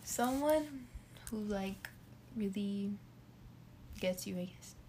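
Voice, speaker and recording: A woman's voice: medium pitch, animated, slow pace, dark tone, a little hiss or hum. A young woman in casual, joking chat about dating, with lots of fillers.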